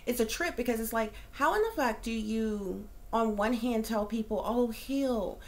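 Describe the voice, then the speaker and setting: A woman's voice: on the high side, moderate pace, darkish tone. A middle-aged woman, ranting bluntly and profanely, firing off rhetorical questions. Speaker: psychic reader. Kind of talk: ranting monologue.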